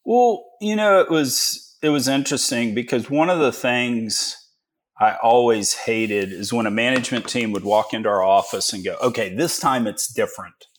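A man's voice: mid-range voice, moderate pace, slight background noise. A Texan man in his forties, a guest telling stories in a folksy, joking way with many fillers. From Texas. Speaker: guest, energy investor. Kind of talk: casual interview talk.

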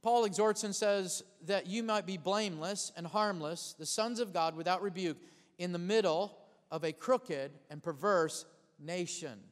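A man preaching a sermon in a high, bright voice that rings through a hall with a long reverb tail. He keeps calling for amens and repeats key words, sometimes rushing ahead and sometimes drawing lines out slowly. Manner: preaching with call-and-response, repeating phrases; shifts between fast bursts and slow emphatic lines. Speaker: pastor.

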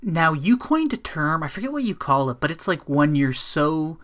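A man co-hosting a casual movie podcast, relaxed and conversational, with occasional laughs. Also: fairly high pitch, moderate pace. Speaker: podcast co-host. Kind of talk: casual chat.

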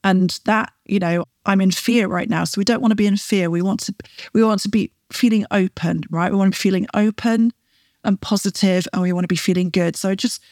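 A woman podcast host coaching her listeners, guiding them through slow breaths and encouraging them often with a quick "right?". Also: medium pitch, fairly even intonation, darkish tone, dry recording, clean studio sound. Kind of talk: coaching talk with guided breathing.

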